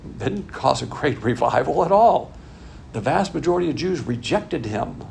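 A man's voice: medium pitch, animated, normal speed, creaky, a little mellow, a little hiss or hum. An older man preaching a conversational sermon, folksy and emphatic, repeating his points. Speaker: pastor.

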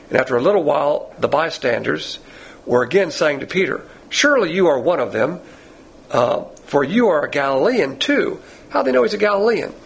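A man's voice: a little high, vocal fry, husky, poor audio. A man teaching verse by verse through a Bible passage to a class, in a folksy, digressive and conversational way. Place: Bible class with listeners present.

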